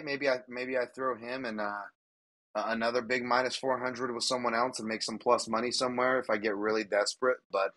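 Guy hosting a podcast, bright tone, jokey and rambly, laughs a lot. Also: medium pitch. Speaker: podcast host. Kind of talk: casual sports betting chat.

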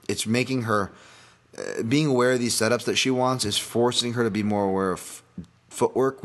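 A man hosts a casual solo podcast and talks through fight picks. His voice sits fairly low, and he rambles and pokes fun at himself. He fills gaps with "uh" and "you know" and often restarts his sentences. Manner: rambling, self-deprecating, many fillers and restarts. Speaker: podcast host, fight analyst.

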